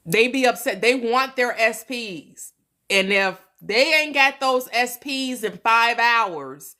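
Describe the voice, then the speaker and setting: Woman on a live stream, slow and halting, bright sharp voice, heartfelt and chatty, bit of aave. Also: a little high. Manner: slow, halting speech with many restarts and fillers; emotional, heartfelt storytelling. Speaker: host of a manifestation channel. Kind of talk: casual live-stream chat.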